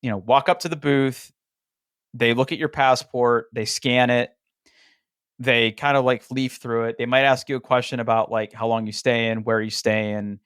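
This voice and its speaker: Chatty man telling a lively travel story. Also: medium pitch, normal speed, clear, resonant tone, no echo, studio quality. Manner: animated storytelling, acts out quoted dialogue; frequent "like" fillers and restarts. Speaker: podcast co-host. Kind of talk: casual chat.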